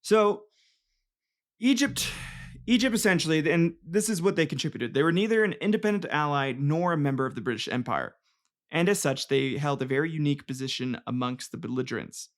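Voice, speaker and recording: A man's voice: a little high, expressive, a little fast. A man hosting a casual comedic history podcast, rambling and joking, swearing and tripping over names. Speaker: podcast host.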